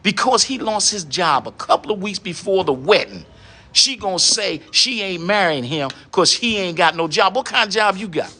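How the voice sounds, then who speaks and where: A man's voice: high voice, lively intonation, moderate pace, pushed and bright. A middle-aged man, lecturing in a preachy monologue and firing off rhetorical questions, often adding "huh?". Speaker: online commentator addressing women.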